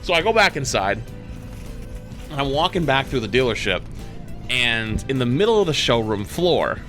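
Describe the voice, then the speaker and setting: A man's voice: mid-range voice, normal speed, faint music behind. A man streaming, casually telling a profane, exasperated story about his day. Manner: animated, profane, exasperated retelling.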